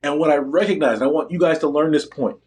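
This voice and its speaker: A man's voice: on the high side, fast talker, a little mellow. Boastful, emphatic man giving a motivational talk. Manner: boastful, emphatic, asks the audience questions. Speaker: motivational speaker addressing students.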